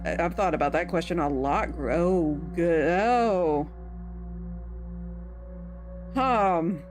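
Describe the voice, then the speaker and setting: A woman streaming a game, reading its text aloud and telling stories in a chatty, animated way. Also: slow. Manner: chatty, animated storytelling with sudden pitch jumps. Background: background music.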